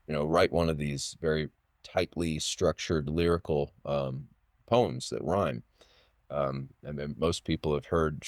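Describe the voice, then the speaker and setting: A man's voice: a bass voice, no echo, clean studio sound. A man in his late thirties, a podcast guest, telling stories in a casual, rambling way with many restarts and fillers. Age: late 30s. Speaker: podcast guest, poet and writer. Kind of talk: casual interview storytelling.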